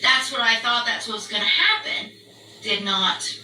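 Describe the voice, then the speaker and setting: A woman telling a story in a casual chat, animated and swearing freely, acting out the barks and screams. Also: fairly high pitch, normal speed. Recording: roomy echo, distant from mic, faint background noise.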